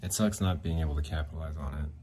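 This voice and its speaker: A man's voice: rumbling low, fairly even intonation, fast, warm tone, slight background noise. A man hosting a casual solo podcast, rambling and frustrated, swearing often. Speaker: podcast host.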